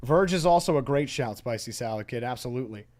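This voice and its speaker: A man's voice: mid-range voice, animated, fast talker, darkish tone. A man casting a live video game match, chatting and giving play-by-play. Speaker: esports caster. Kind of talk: live game commentary and chat.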